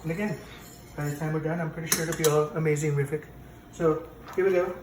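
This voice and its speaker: Speaking fast with a natural, fairly high voice and fairly even intonation, this man parodies a president who hosts a cooking show. He brags, rambles and contradicts himself in a home kitchen. Background noise is audible, and the far-off mic captures the kitchen's echo.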